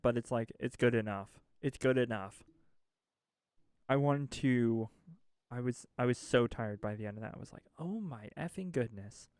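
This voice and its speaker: A man's voice: medium pitch, a little mellow, smooth, no echo, clean studio sound. A man chatting casually on a game stream, rambling and swapping his swears for mild stand-ins. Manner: rambling, self-censors swears with mild substitutes.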